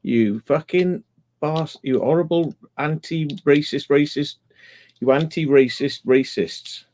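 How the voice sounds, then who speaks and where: A man's voice: on the high side, slow, a little mellow. A man in a casual late-night stream chat, rambling through crude jokes and laughing often.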